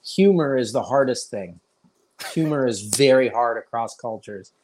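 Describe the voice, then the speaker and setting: A man with an American accent, hosting a relaxed podcast chat and telling anecdotes, acting out the people in them. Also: mid-range voice, normal speed. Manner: storytelling, acts out quoted voices. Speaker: podcast host. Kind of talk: casual conversation.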